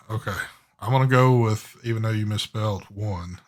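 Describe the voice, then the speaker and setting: Easygoing low-voiced male show host. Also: normal speed. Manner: drawling, easygoing, hesitant with fillers. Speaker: host of a live vape show. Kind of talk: casual live-stream chat.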